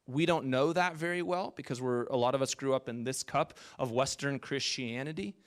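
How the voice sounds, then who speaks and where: A man giving a conversational sermon as a pastor, animated and jokey, talking with his congregation. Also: mid-range voice, moderate pace.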